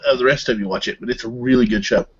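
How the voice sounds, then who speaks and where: Husky laid-back Southern man. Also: medium pitch, rapid-fire. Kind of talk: casual chat. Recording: dull lo-fi audio.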